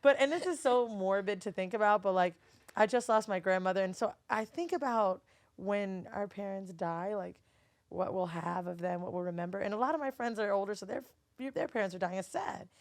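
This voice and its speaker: A woman talking in a casual podcast chat, candid and loose, swearing often and slipping into her relatives' voices. Her voice is mid-pitched and recorded close and dry, with no room sound. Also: fairly quick, no room sound. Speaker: guest, studio owner and TV host.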